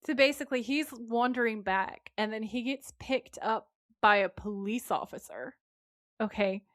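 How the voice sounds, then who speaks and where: A woman's voice: a little high, moderate pace, fairly bright tone, no room sound, studio quality. A woman, co-hosting a podcast and animatedly recapping an episode, acting out quotes from her notes. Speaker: podcast co-host. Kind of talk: casual recap chat.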